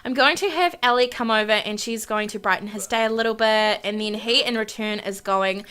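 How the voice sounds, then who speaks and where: A woman's voice: fairly high pitch, fairly quick, clear, resonant tone. A young woman giving casual, gushing let's-play commentary to her viewers. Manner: gushing, excitable, chatty to viewers. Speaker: gaming YouTuber.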